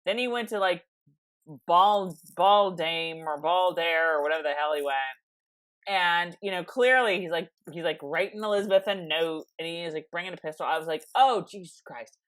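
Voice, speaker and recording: A woman co-hosting a podcast, chatting in an excitable, dramatic way with lots of laughter. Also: lowish voice, normal speed. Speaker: podcast co-host. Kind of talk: casual chat.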